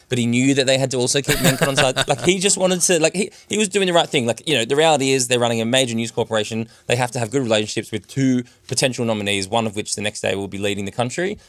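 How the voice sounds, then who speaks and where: Fast-talking Australian man co-hosting a podcast. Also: mid-range voice, dry recording. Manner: fast, enthusiastic, lots of "like" fillers. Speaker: podcast co-host. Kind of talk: casual podcast discussion.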